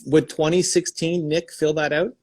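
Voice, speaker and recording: A man hosting a live stream, giving energetic advice and thinking out loud in quick bursts. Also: fairly high pitch. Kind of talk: excited live-stream coaching chat.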